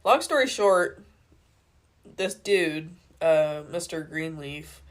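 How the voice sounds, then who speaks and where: A mid-pitched co-host talks through a stuffy, congested nose from being sick. The delivery is chatty and easygoing, like summarizing a plot for a friend. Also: animated, takes it slowly. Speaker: podcast co-host. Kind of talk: casual movie review chat.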